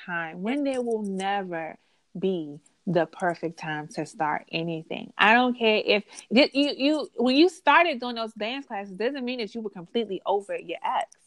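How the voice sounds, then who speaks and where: A woman's voice: medium pitch, lively intonation, normal speed, dry recording. A woman hosting a casual chat, speaking earnestly and encouraging listeners directly. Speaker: host.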